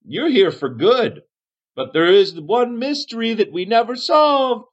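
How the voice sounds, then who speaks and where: A man's voice: very high-pitched, lively intonation, unhurried, lo-fi sound, voice pushed up, heavily acted. A man voicing a naive, childlike male elf with a head injury, who talks about himself in the third person. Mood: simple, eager.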